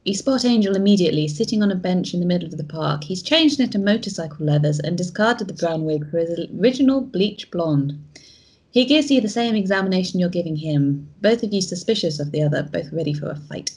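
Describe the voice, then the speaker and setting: A woman hosting a let's play, reading a text game aloud with measured, dramatic narration. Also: lowish voice, animated, a little mellow, slightly rough. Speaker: host.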